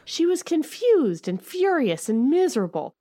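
A woman's voice: high-pitched, sing-song, normal speed, dark tone, dry recording, clean studio sound. A woman co-hosting a comedic book-club chat, reading passages aloud with sarcastic, giggly mock melodrama. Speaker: podcast co-host.

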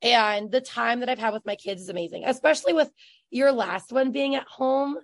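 A chatty woman in her thirties hosts a casual podcast, talking in quick, effusive bursts full of fillers. Her voice sits a little high, and the recording is close and dry with no room around it. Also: dry recording. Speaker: podcast host and business coach.

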